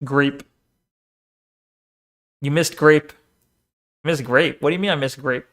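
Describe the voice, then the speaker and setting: A man's voice: on the high side, steady tone, a little slow, a bit bright. A man streaming and chatting casually, reading chat, swearing often and rambling between topics.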